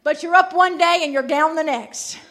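High bright-voiced woman preaching a sermon. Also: normal speed. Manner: emphatic, builds to loud declarations.

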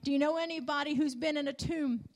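High-voiced woman preaching a sermon. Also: steady tone, fast. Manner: emphatic, rising and falling, repeated hallelujahs. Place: church in front of a congregation.

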